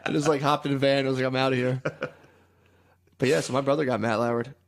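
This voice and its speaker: A man's voice: mid-range voice, fairly even intonation, rapid-fire, gravelly. A man in his thirties co-hosting a podcast, telling rambling, crude anecdotes in casual comedic chat. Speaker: podcast co-host.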